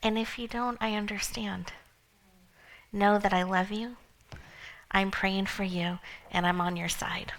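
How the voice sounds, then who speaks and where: A woman voicing her own loving elderly grandmother, speaking tenderly and softly with gentle wisdom. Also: medium pitch, steady tone, a little slow, pauses often. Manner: tender, soothing, soft-spoken.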